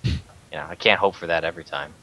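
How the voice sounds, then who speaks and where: A man's voice: deep voice, fairly even intonation, quick pace, a bit bright, low-quality recording. A man hosting a podcast, easygoing as he hands turns to the guests. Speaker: podcast host. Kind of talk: casual podcast chat.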